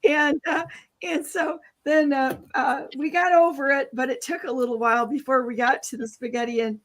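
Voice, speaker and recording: A middle-aged woman telling a family story in casual chat, animated and laughing, checking in with "okay?" and "right?". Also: high voice, normal speed. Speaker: co-host.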